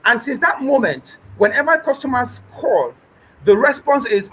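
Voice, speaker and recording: A man's voice: very high-pitched, very animated, normal speed, a bit bright, slight background noise, low-quality recording. A young Nigerian man with a Nigerian accent, a business owner speaking in an interview, emphatic and repetitive, mimicking customers. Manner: emphatic, repeats points, mimics callers. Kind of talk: animated interview talk.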